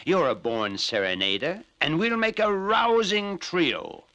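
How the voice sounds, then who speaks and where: A man's voice: high voice, animated, a little slow, bright, forceful tone, muffled recording, pitched above the performer's own voice, full character voice. A man voicing a cheerful old donkey who talks in a jaunty, encouraging way.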